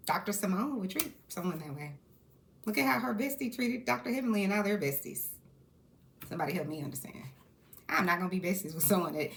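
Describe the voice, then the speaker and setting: A woman giving casual, candid commentary on a reality show, sassy and outspoken, with quick asides. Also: lowish voice, fairly bright tone.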